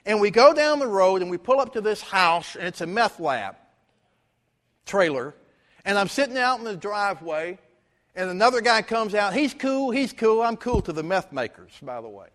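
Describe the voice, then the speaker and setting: A man preaching from the pulpit as a pastor, telling a story in a lively way and acting out the dialogue. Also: sits high, normal speed. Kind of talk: storytelling sermon. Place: church sanctuary. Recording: long reverb of a large hall.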